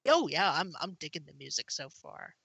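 Bright-voiced chatty woman. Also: low-pitched, sing-song, gravelly, slightly rough, no room sound, rough recording. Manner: eager, chatty, quick self-restarts. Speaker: podcast co-host. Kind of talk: casual chat.

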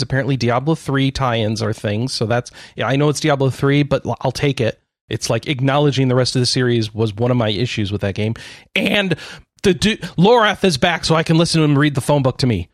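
Chatting about games as a podcast co-host, this man talks a little fast at a medium pitch, often laughing, rambling, and interrupting himself. The recording is dry with clean studio sound.

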